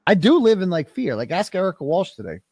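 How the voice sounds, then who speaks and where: A man's voice: high voice, sing-song, fast, a little mellow, no room sound. A man anxiously recounting something in casual talk and swearing often.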